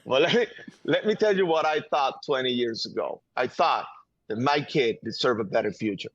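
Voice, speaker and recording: A man from Venezuela speaks English with a Venezuelan Spanish accent, pressing his points with emphatic urgency and frequent repeated words. His voice sits at an ordinary pitch. The audio is slightly muffled and dry, with no room sound. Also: animated, normal speed, fairly bright tone, breathy edge, no room sound. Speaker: guest, gun-violence activist. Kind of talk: impassioned interview answers.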